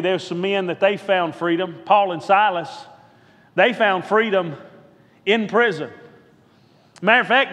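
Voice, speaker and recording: Brief male pastor, higher-pitched voice, rhythmic call-and-response preaching, long church reverb. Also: fairly bright tone. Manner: rhythmic repetition, calls out to the congregation for response. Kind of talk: sermon. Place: church sanctuary.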